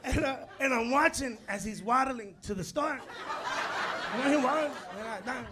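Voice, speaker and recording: A man doing a live stand-up set, telling stories with animated bursts of shouting and Spanish phrases mixed in. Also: very high-pitched, normal speed, very noisy. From Latino background. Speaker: stand-up comedian. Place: comedy club stage. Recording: live club with loud crowd laughter. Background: audience laughter.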